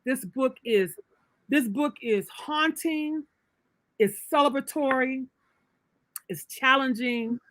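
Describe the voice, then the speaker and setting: A woman's voice: high-pitched, takes it slowly, long pauses, fairly bright tone, dry recording. A woman author being interviewed, telling her story in an emphatic, preacherly way with big swings of energy. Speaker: author, guest. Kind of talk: casual livestream interview.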